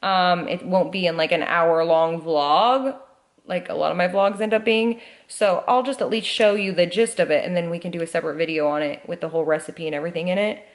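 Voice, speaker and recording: Animated young woman vlogger telling a story. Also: lowish voice, fairly quick. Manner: animated, acts out quoted voices, frequent "like". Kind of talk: casual storytelling vlog.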